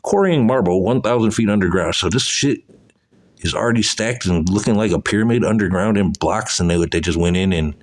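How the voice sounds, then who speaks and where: A man's voice: on the low side, a little fast. A man giving profane, agitated commentary on old photos, exclaiming as he goes. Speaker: video host.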